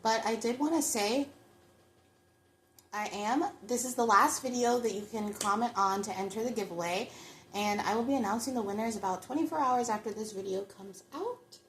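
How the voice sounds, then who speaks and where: A woman's voice: fairly high pitch, normal speed, echoey room, a little hiss or hum. A woman giving a chatty pick-a-card tarot reading, talking straight to her viewers. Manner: chatty, reflective, addresses viewers directly. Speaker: tarot reader.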